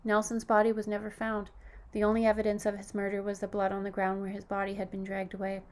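Woman narrating a horror tale flatly. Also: medium pitch, quick pace. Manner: even, steady storytelling with lifted quoted lines. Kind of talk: scripted horror story narration.

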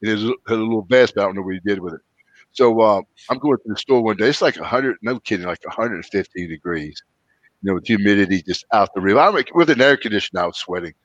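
A man's voice: fast, no echo. A man hosting a casual podcast who tells rambling, folksy stories and answers listener questions. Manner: folksy, rambling storyteller with lively quoted voices. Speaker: podcast host. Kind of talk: casual chat, storytelling. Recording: dry, dull low-fidelity audio.

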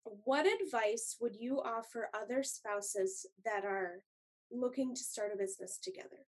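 Brief: female podcast host, bright high voice with a breathy edge, upbeat. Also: fairly even intonation, measured pace. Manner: upbeat and chatty. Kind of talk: casual interview chat.

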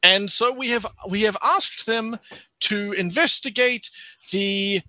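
A man voicing a polite, flustered male official in a tabletop game, speaking formally with many halting restarts. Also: high voice, sharp tone, no room sound, full character voice.

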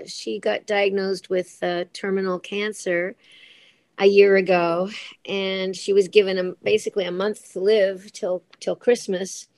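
A woman's voice: mid-range voice, vocal fry, darkish tone, no echo. A middle-aged woman, a former member of parliament, telling personal stories as an interview guest. She speaks earnestly and from the heart, often restarting her sentences and hesitating with fillers. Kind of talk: emotional personal storytelling in conversation.

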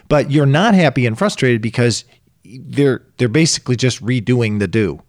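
A man's voice: medium pitch, very animated, normal speed, a little mellow, dry recording, studio quality. A man co-hosting a casual podcast chat, breaking in to clarify points and telling things expressively.

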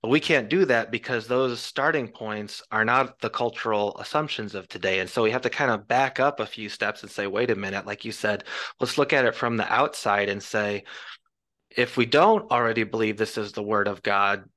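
A man, an apologist guest on a podcast, explaining his reasoning in a measured, lecturing way. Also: on the low side, sharp tone. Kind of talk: casual podcast discussion.

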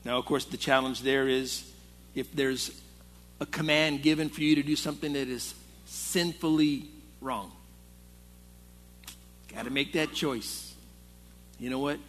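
A man's voice: medium pitch, a little slow, long pauses, a bit bright. A male pastor preaching to a men's Bible study in a conversational, storytelling way. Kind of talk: sermon. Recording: long hall reverb.

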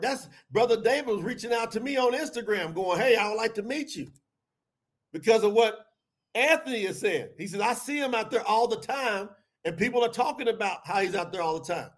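A middle-aged man preaching a scripture talk on a livestream, his voice sitting high for a man. He preaches with fervor and bursts into shouts at the peaks. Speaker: podcast host and preacher.

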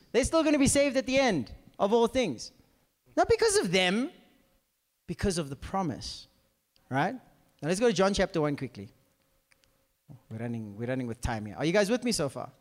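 A man's voice: sits high, big pitch swings, moderate pace. A man preaching a sermon, acting out scripture characters and asking the audience to follow. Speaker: pastor. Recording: reverberant hall.

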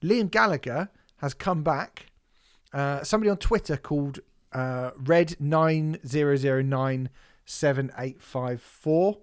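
Man, 30s, podcast co-host, casual chat, rambling, laughs a lot, slightly high voice. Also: a little slow, clean tone. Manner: rambling, laughs often, trails off and restarts.

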